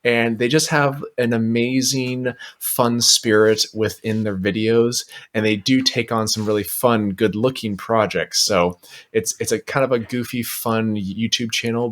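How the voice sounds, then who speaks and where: A man's voice: lowish voice, fairly even intonation, unhurried. A man appearing as a guest on a casual podcast, friendly and enthusiastic.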